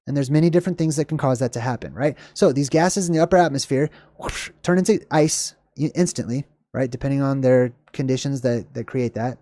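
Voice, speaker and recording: A man hosting a livestream, answering chat questions in a casual, rambling way, often searching for words and correcting himself, with a slightly hoarse voice. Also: mid-range voice, a little fast, warm tone, dry recording.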